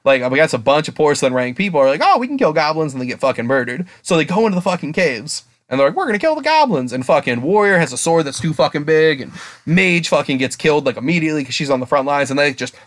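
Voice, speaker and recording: An excitable man co-hosts a casual podcast, his voice sitting a bit high for a man. He swears freely and jumps up into quoted voices. The recording is dry and close. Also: fast, no room sound. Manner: excitable, swears a lot, acts out quotes in a higher voice. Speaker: podcast co-host.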